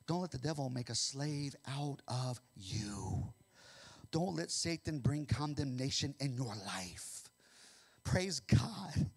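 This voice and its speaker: A male pastor from the American Midwest preaching a sermon, swinging from hushed storytelling to shouting. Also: medium pitch, gravelly, husky.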